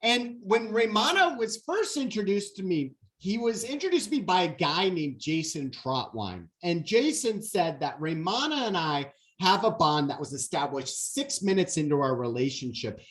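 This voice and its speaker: A man in his forties giving a motivational keynote talk, telling stories in an animated way and acting out the quotes. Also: high-pitched, normal speed, hardly any pauses. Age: 40s. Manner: animated storyteller, acts out quotes. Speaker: keynote speaker.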